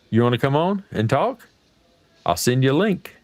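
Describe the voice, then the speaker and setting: A man's voice: mid-range voice, big pitch swings, normal speed, no echo. An American man hosting a casual livestream chat, talking in a folksy, profane, rambling way. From United States. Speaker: livestream host.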